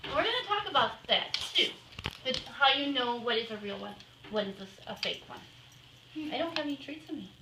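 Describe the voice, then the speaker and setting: A woman talking casually and patiently to a group of children in a home, pausing now and then to give short commands to her dog. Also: high-pitched, expressive. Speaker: guest speaker with a guide dog. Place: indoors in a home. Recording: roomy, distant home-video sound with faint noise.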